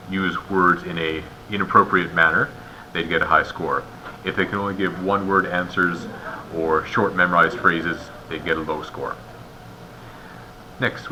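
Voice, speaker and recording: A man's voice: deep voice, bright, forceful tone, slight background noise, rough recording. A man giving a methodical step-by-step walkthrough as an instructor, explaining each point and posing rhetorical questions. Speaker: instructor guiding raters.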